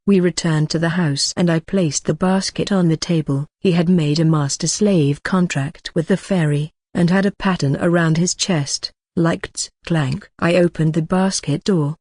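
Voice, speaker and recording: Female audiobook narrator, even machine-like reading, lower pitch, dry close sound. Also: measured pace, few pauses, no echo.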